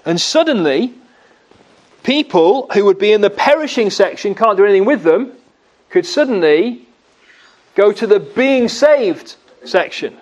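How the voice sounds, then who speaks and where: A man's voice: a little mellow, highs cut off. A man preaching a sermon in an earnest way, with dramatic rises and drops in his voice. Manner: earnest, with dramatic swings in pitch and volume.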